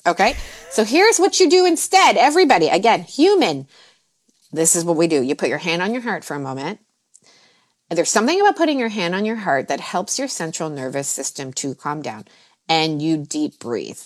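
Speaking at a moderate pace, this woman, a mindset coach, gives relaxed podcast advice and laughs often in the middle of sentences. She shifts into exaggerated high voices to quote herself, then goes quiet and low when describing how to calm down.

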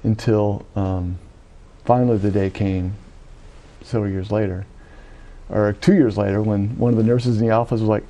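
A middle-aged man from Louisiana, a Catholic priest, giving an animated personal testimony and acting out the voices he quotes. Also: lowish voice, moderate pace, pauses often. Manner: animated storytelling, acts out quoted voices, frequent "right?". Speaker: Catholic priest telling his vocation story.

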